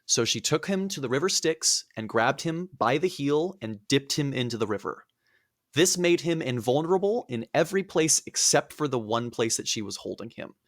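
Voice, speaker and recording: Male podcast host, loose comic storyteller, medium pitch, dead-dry sound. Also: lively intonation, normal speed, no room sound. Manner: casual, rambling with fillers.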